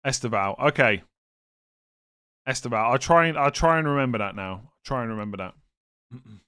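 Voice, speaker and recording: Young male streamer, mid-range voice, relaxed chat-reading delivery with self-deprecating jokes. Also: mid-range voice, fairly quick, clean tone. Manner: thinks aloud, reads chat, self-mocking humor. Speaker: streamer answering viewer questions. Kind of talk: casual live stream chat.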